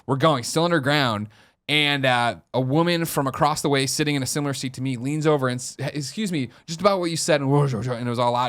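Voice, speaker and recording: An American man telling a story on a casual podcast, acting out the quoted lines with sudden loud outbursts. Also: mid-range voice. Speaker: podcast host.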